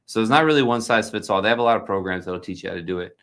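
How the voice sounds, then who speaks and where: A man's voice: on the low side, rapid-fire, fairly bright tone. A man from New Jersey hosting a casual livestream, answering viewer questions in a chatty, joking, rambling way with many fillers.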